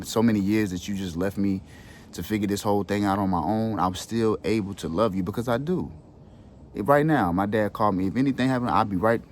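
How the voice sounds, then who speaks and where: Earnest, low-pitched man for a heartfelt monologue, casual slang, light background hum. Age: adult with children. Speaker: wellness channel host. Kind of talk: heartfelt personal storytelling.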